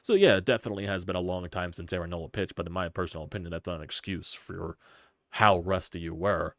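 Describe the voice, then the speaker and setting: A man hosting a live sports stream, ranting in frustration with rapid-fire rhetorical questions and profanity. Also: low voice, fairly bright tone, dry recording, clean studio sound. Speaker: sports channel host.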